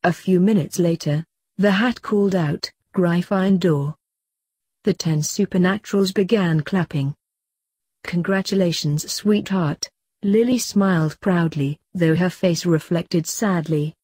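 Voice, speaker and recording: A woman reads fanfiction aloud in a steady, even way, her voice low and dark with a husky edge. The sound is dry and close, with no room echo. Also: moderate pace. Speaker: fanfiction reader.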